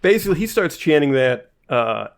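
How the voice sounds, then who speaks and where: A man co-hosting a comedy podcast, making dry, deadpan sarcastic remarks. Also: a little high, moderate pace, creaky. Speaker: podcast co-host. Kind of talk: casual comedic chat.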